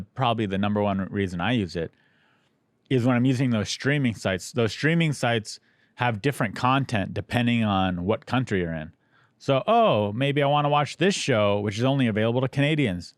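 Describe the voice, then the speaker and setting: A man hosting a comedy podcast, teasing his guest in quick banter and doing ad reads. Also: fairly low pitch, expressive, dry recording, clean studio sound. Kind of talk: casual chat and ad read.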